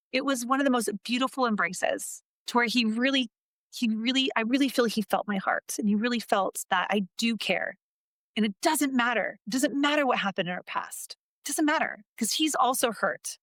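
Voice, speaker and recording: A woman's voice: fairly high pitch, fairly bright tone, no echo. Earnest woman telling heartfelt stories. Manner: earnest, heartfelt storytelling with repeated phrases. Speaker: podcast guest, entrepreneur and coach. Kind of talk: casual interview talk.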